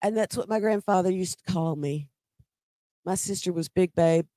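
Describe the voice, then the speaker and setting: A woman telling a personal ghost story in an unhurried way, often repeating words as she remembers. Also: fairly low pitch, dark tone, dry recording, clean studio sound.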